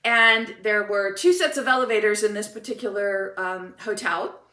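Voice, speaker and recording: A woman motivational speaker telling a personal story in an animated, enthusiastic way. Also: mid-range voice, normal speed, echoey room, far from the mic.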